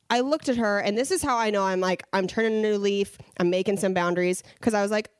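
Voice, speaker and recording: A woman's voice: medium pitch, quick pace, few pauses, clear, resonant tone, dry recording, studio quality. A woman co-hosting a casual podcast chat, telling stories animatedly, acting out quotes and laughing often. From Los Angeles area. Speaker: podcast co-host.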